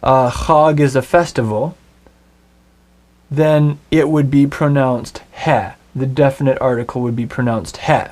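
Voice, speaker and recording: A man's voice: mid-range voice, fairly even intonation, a little mellow. Patient male Hebrew teacher. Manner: patient, slows to spell out Hebrew words. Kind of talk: recorded language lesson.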